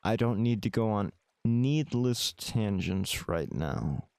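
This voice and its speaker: A man's voice: on the low side, expressive, takes it slowly, vocal fry, a little mellow, no echo, clean studio sound. A man streaming a visual novel, reading the game text aloud with casual, wry asides to his chat.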